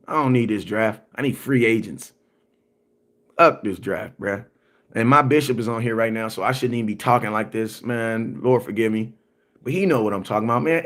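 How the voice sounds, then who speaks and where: A man's voice: medium pitch, brisk, a bit bright. A man in a mid-range voice hosts a sports livestream and rants with force. He repeats his points over and over in slangy talk. He keeps checking in with his viewers and answers their comments as they arrive. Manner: emphatic and repetitive, slangy, often asks "you know what I'm saying". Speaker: sports content creator hosting a livestream. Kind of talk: animated livestream rant.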